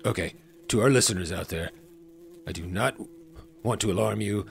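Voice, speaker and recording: A man's voice: fairly low pitch, moderate pace, gravelly, husky. A man playing a vain, pompous anchorman hosting a comedy podcast, prone to melodramatic panic. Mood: alarmed. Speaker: podcast host.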